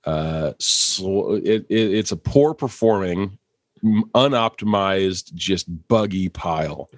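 A man chatting on a podcast in a loose, jokey, rambling way. His voice is fairly low. It is recorded close and dry. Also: lively intonation, slow, no room sound. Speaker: podcast co-host. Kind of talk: casual podcast discussion.

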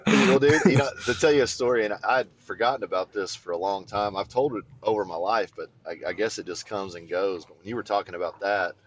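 A man co-hosting a podcast, telling a childhood story in casual chat, swearing freely, and getting animated as he goes. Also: a little fast, few pauses. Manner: animated, swears freely, voice jumps high when excited. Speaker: podcast co-host.

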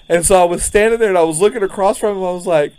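A man's voice: high voice, racing, darkish tone, clear, resonant tone. A man, a podcast co-host telling a story in casual chat, laughing often. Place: front porch, outdoors.

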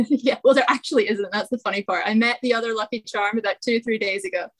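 A woman's voice: a little high, steady tone, brisk, poor audio. A young woman from Scotland with a faint Scottish accent, a hiker talking as a podcast guest, cheerful and often laughing. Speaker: guest, long-distance hiker. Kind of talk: casual interview.

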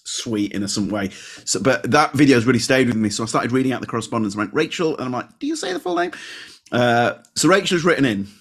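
Male podcast co-host, mid-pitched, chatty, self-deprecating, reads out listener mail. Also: a bit bright. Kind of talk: casual podcast chat.

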